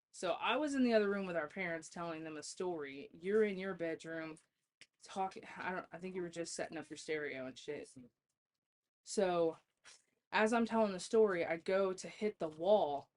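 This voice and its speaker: A woman guest on a podcast, telling stories in a casual chat, laughing often and swearing freely. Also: lowish voice.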